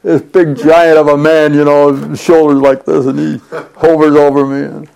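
Older man, interviewee, deep mellow gravelly voice, loose rambling storyteller. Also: little pitch movement, normal speed. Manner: rambling, chatty with frequent fillers and laughs. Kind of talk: oral history storytelling.

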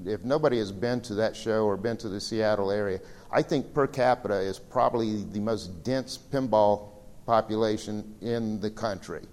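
A man's voice: fairly low pitch, darkish tone. Man, seminar presenter, casual rambling storytelling, reverberant hall. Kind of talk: slideshow seminar talk.

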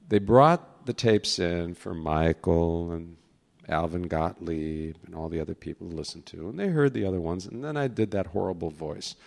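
A man, a voice actor, telling anecdotes to a crowd at a convention in a large hall, laughing as he goes. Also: deep voice. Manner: animated storyteller who laughs and slips into voices. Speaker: voice actor giving a talk.

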